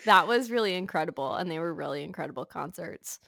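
A woman's voice: on the low side, animated, quick pace, vocal fry, a bit bright, no room sound, studio quality. A young adult woman co-hosting a podcast in casual chat, upbeat and encouraging, often giggling. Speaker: podcast co-host.

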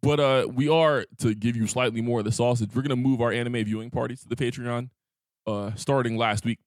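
A man's voice: medium pitch, steady tone, fairly quick, no echo, studio quality. A man co-hosting a podcast, telling a crude story in casual chat with lots of animation. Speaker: podcast co-host.

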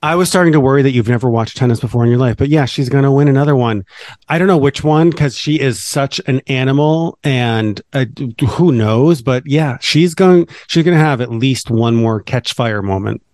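A man's voice: mid-range voice, normal speed, a little mellow, no echo, clean studio sound. A man co-hosting a casual podcast chat, playfully teasing his partner like a quiz-master. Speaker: podcast co-host.

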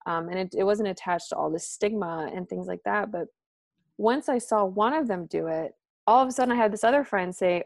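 Woman, podcast guest, gravelly edge, dry close sound, chatty with lots of fillers. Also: brisk, dry recording. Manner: animated, acts out quoted friends with pitch jumps; filler-heavy, frequent "like" and "um". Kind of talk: casual conversation.

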